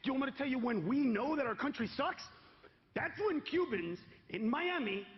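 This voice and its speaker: Guy doing stand-up, super high voice, shouty punchlines, lo-fi live recording with crowd noise. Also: animated, normal speed. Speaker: stand-up comedian. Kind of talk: stand-up comedy set. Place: comedy stage before a live audience.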